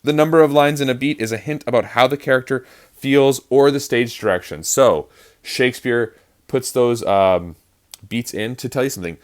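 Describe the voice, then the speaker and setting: A man explaining verse rhythm as an acting teacher, in a chatty lesson with frequent fillers and restarts. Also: mid-range voice. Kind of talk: online lesson on verse speaking.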